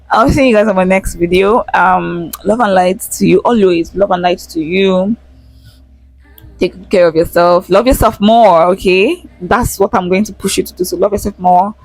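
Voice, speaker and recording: Young Nigerian woman, casual vlogger. Frank, chatty, quick to laugh, mid-range voice on a phone mic. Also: mid-range voice, no room sound, faint music behind. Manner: chatty and frank, swears freely, laughs often, slips into pidgin. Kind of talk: casual chat to camera. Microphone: phone held in hand with small attached mic.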